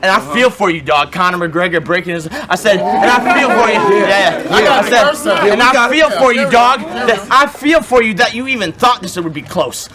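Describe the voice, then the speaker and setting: High lively battle rapper, loud crowd. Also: male voice, moderate pace, hardly any pauses. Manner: taunting, repeats lines for the crowd. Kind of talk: live battle rap performance. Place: live venue with crowd. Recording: live event with loud crowd.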